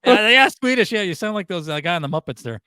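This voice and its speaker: A man hosting a loose comedy podcast, stirring things up and laughing between lines. His voice sits a bit high and the sound is dry and close. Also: expressive, quick pace, sharp tone, clear, resonant tone, dry recording. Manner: joking, stirring the pot, laughs often. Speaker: podcast host. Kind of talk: casual comedy podcast chat.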